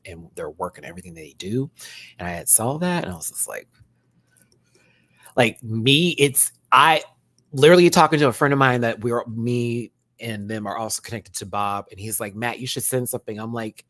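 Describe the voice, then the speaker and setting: Guy reviewing reality tv on his stream, super chatty, goes loud then quiet, dry room. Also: fairly low pitch, dry recording. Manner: animated, chatty, swings between loud and hushed. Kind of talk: casual livestream commentary.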